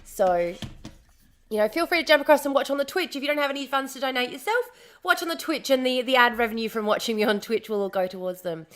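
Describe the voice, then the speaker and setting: An Australian woman chatting casually on a live stream, slightly hoarse from a lost voice, repeating herself as she greets viewers. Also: high-pitched, expressive, fast.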